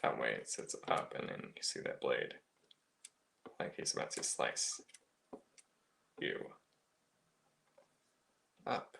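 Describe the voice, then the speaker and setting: Slow, gravelly toy reviewer. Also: male voice, a bass voice, lively intonation. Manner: soft, mumbling, half-whispered asides.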